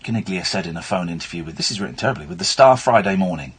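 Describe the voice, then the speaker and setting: A man's voice: low-pitched, animated, very fast, few pauses, husky. A man hosting late-night radio, chatty and wry, reading a news story with asides. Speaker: radio host. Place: radio studio.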